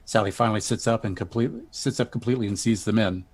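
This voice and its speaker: A man narrating the stage directions in a measured, even way during a stage reading. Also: fairly low pitch.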